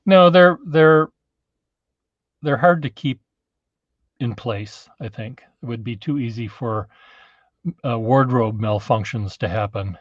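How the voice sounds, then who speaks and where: A man hosting a podcast in casual chat, playful and relaxed, repeating words as he thinks aloud. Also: mid-range voice, slow pace, long pauses, no room sound, muffled recording. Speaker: podcast host reading listener questions.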